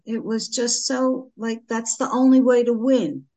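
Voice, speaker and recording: A woman's voice: a little high, fairly even intonation, unhurried, a little mellow, low-quality recording. A woman in a casual discussion who speaks earnestly and admiringly.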